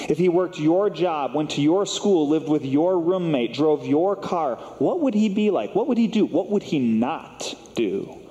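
A man's voice: medium pitch, mellow. Male pastor, earnest sermon delivery, repeated emphatic lines, long church-hall reverb. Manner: earnest preaching with emphatic repetition and rising questions. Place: church sanctuary.

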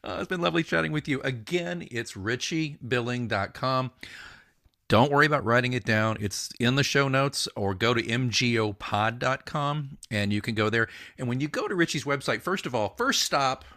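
A man from the United States hosting a podcast interview, talking in an animated, emphatic way and laughing easily. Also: medium pitch, normal speed. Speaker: podcast host. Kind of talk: casual interview chat.

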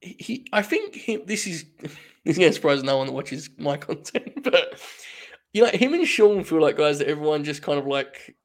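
A man with a gravelly, slightly higher voice, hosting a casual podcast chat. He talks animatedly and swears freely. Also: very animated, normal speed. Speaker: podcast host.

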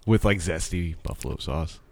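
Male co-host, very low gravelly voice, laid-back. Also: expressive, normal speed, no echo. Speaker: podcast co-host. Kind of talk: casual podcast banter.

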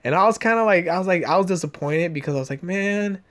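A man's voice: high-pitched, fast talker, fairly bright tone. Rambling, profane young man storyteller. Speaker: podcast host. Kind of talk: casual chat. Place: Los Angeles area podcast room.

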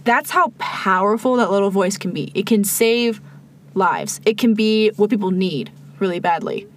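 A woman's voice: medium pitch, big pitch swings, normal speed. Young woman, casual podcast co-host, rambling delivery with many ums, faint background hiss. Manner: rambling, many fillers and restarts. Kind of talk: casual faith podcast chat.

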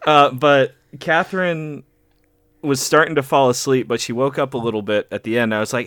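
A man's voice: mid-range voice, animated, normal speed, fairly bright tone, no room sound, clean studio sound. A man co-hosting a podcast, chatting casually about a movie and laughing often as he tells stories. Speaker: podcast co-host. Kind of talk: casual chat.

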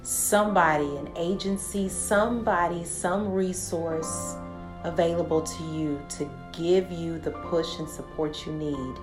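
A woman with a low voice speaks slow, soothing affirmations as she guides a meditation. Music plays clearly behind her. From Texas. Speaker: podcast host. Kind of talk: guided meditation and podcast closing. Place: studio with a live audience.

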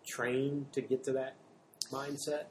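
A man's voice: mid-range voice, flat delivery, a little hiss or hum, poor audio. A man asking questions in a conversation, often restarting as he shapes them. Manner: halting, restarts while framing questions.

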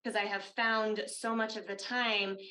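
Earnest woman coach on a video call, bright voice, faint hum behind. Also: medium pitch, level tone, unhurried, rough recording. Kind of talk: reflective panel talk.

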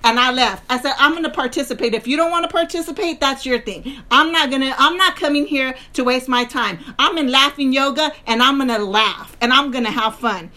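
A woman co-hosting a casual chat, telling a story in an animated way with frequent laughter. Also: sits high, a little fast, few pauses. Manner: animated, laughing, acts out sounds. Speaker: podcast co-host.

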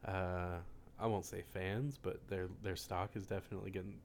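A man co-hosting a casual sports podcast, measured and making joking asides. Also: sits low, fairly even intonation. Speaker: podcast co-host.

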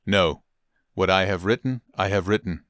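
A man's voice: sits low, normal speed, a bit bright, no echo, clean studio sound. A man voicing a stern, uneasy male Roman governor in a Bible reading, with raised, insistent questions.

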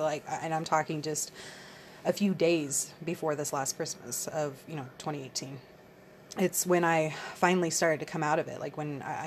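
A woman's voice: sits low, slight background noise. A woman in her thirties talking candidly in a rambling casual monologue, swearing freely, as the podcast host. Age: 30s.

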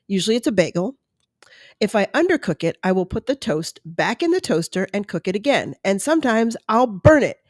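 A woman's voice: fairly low pitch, darkish tone, no echo, clean studio sound. A middle-aged woman hosting a casual solo podcast, chatty and self-deprecating, acting out her own inner voice as she talks. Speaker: podcast host.

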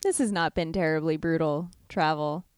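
A woman's voice: deep voice, normal speed, a little mellow, clear, resonant tone, no room sound, clean studio sound. A woman in her thirties from California co-hosting a casual travel podcast, playful and teasing, laughing easily. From California, USA. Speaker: podcast co-host.

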